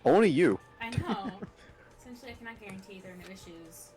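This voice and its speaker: A woman streaming a video game, making quiet, amused side comments in casual let's-play commentary over game audio. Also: medium pitch, quick pace. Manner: quiet, amused asides, laughing. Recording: voice under loud game music. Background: game music.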